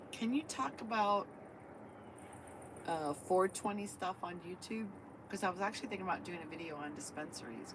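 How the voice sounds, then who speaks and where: A woman's voice: medium pitch, noisy background. A woman chatting casually with live-stream viewers and her dog from inside her van.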